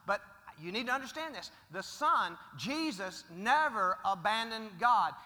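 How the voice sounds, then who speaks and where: Preacher guy, big swings loud to quiet, churchy hall echo. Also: sits high, lively intonation, a little slow. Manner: emphatic, swinging from loud declarations to hushed asides. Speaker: pastor. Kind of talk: sermon. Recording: long reverb of a large hall.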